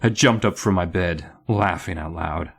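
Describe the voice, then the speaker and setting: A man's voice: sits low, moderate pace, creaky, husky. A man co-hosting a comedic podcast, reading book passages aloud with hammy dramatic flair and telling jokey stories. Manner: joking, playful storytelling. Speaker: podcast co-host. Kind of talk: casual comedic book recap.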